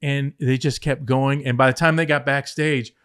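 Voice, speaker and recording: On a podcast, a former wrestling head writer swaps backstage stories in a loose, animated way, swearing plenty and acting out quotes in the middle of his tales. His voice sits at a medium pitch with a clear, resonant tone and a moderate pace.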